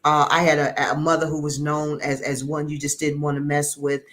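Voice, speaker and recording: A man's voice: a little high, completely flat delivery, fairly quick, a bit bright. A middle-aged man giving an earnest, emotional personal testimony as an interview guest, often repeating words as he searches for them.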